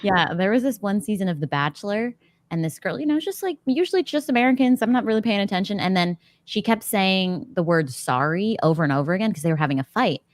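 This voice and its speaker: A woman's voice: mid-range voice, expressive, fast, no room sound. A woman hosting a casual book club chat, talking chattily with frequent laughs and fillers.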